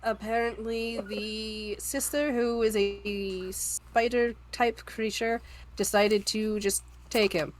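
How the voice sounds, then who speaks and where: A woman player in a live-streamed tabletop game, explaining things in an unhurried way. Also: medium pitch, fairly even intonation, low-quality recording.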